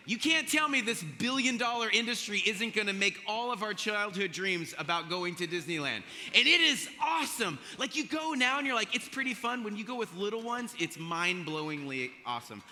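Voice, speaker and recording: A high, bright, forceful voice belongs to a man in his forties speaking casually in a university chapel. He jokes, tells stories, and pokes fun at himself in a conversational, playful way. Long hall reverb from the chapel colors the recording.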